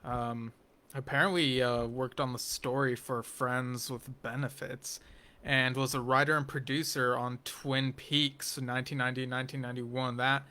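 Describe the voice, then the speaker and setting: Here a man reviews a TV episode out loud in an easygoing, meandering way. His tone is bright and forward with little pitch movement, and he circles back often, stumbling through ums and restarts while dropping dry, nerdy jokes.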